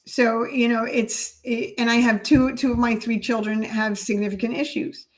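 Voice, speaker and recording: A middle-aged woman talks as a podcast guest in an earnest, reflective way. Her voice sits a little high for a woman. She speaks in relaxed conversation. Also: moderate pace, low-quality recording. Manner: earnest, reflective, spiritual in outlook. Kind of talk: casual conversation.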